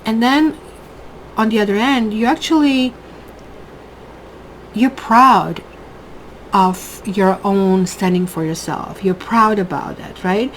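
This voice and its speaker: A woman's voice: mid-range voice, slow, long pauses, slight background noise, low-quality recording. A woman reading tarot cards at a table at home in a casual monthly forecast, chatty and emphatic, often asking "right?". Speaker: tarot reader.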